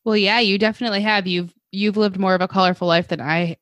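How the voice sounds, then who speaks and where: A woman's voice: mid-range voice, steady tone, fast talker, fairly bright tone, no echo. A woman co-hosting a podcast in casual chat, candid and chatty, laughing easily. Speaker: podcast co-host.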